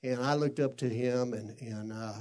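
A man's voice: mid-range voice, fairly even intonation, normal speed, dark tone. A middle-aged man preaching a sermon and telling stories in an earnest, conversational way with frequent restarts. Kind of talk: sermon storytelling.

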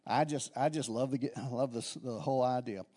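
An older man preaching a sermon as pastor, animated, swinging between soft asides and loud exclamations. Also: medium pitch, moderate pace.

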